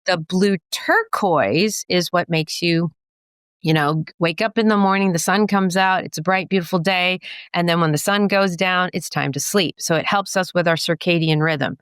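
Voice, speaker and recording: A woman with a low, smooth, resonant voice explains eye health like a teacher who enjoys a joke. Her talk is playful and explanatory, with quick asides and puns. The sound is dry and close. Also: no room sound. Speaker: optometrist and professor giving a guest lecture.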